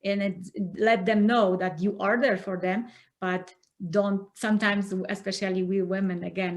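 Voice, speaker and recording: Woman guest on an interview show, earnest coach vibe, medium pitch, acts out little arguments. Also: moderate pace. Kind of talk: conversational interview.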